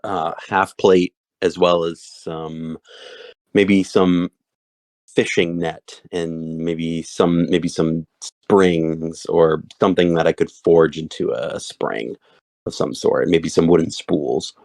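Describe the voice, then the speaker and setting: Casting: tentative player, deep and slow, a man. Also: steady tone, vocal fry, a little mellow, no echo. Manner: tentative, listing with many "maybe"s.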